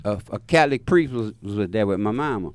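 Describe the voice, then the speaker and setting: A man hosting a radio show, telling a long profane story in casual chat, animated and acting out the voices of the people in it. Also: on the low side, fairly quick, no room sound, studio quality. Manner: animated, acts out quoted voices, laughs mid-story. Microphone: studio mic.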